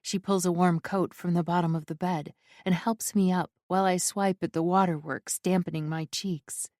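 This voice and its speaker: A woman narrating a first-person romance audiobook in an intimate, unhurried storytelling manner. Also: fairly low pitch, steady tone, darkish tone, dry recording, clean studio sound.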